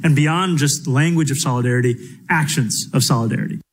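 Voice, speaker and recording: A man, a politician, giving an earnest, measured prepared statement at a press event. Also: mid-range voice, breathy edge, rough recording.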